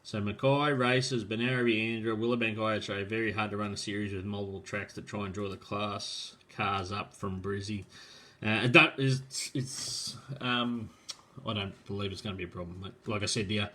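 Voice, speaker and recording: A man's voice: lowish voice, steady tone, normal speed, bright, forceful tone. A man hosting a live show, chatting casually, reading out viewer comments and rambling with lots of fillers and "mate". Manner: rambling, filler-heavy, friendly, calls people mate. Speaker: host of a live drag racing show.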